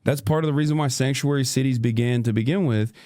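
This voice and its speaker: A man's voice: mid-range voice, fast talker, mellow, no room sound, studio quality. A man who is a podcast guest, explaining his argument bluntly with some swearing. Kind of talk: casual podcast chat.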